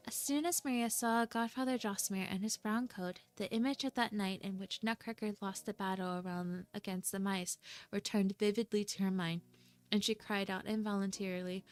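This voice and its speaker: A woman reading a classic Christmas story aloud, steady, with small stumbles over names. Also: medium pitch, a little fast. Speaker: storybook reader.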